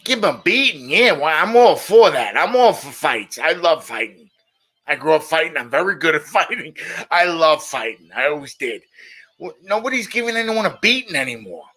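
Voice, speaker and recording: A man's voice: on the high side, big pitch swings, moderate pace, pushed and bright, slightly rough, faint music behind. A middle-aged man hosting a casual monologue show, blunt and opinionated, often repeating his points. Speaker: show host.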